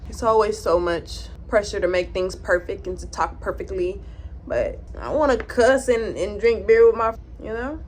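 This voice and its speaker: A woman vlogger reading an online post aloud and reacting with animated, profane outbursts while doing her makeup. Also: mid-range voice, slight background noise. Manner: animated, swearing, loud outbursts and exclamations.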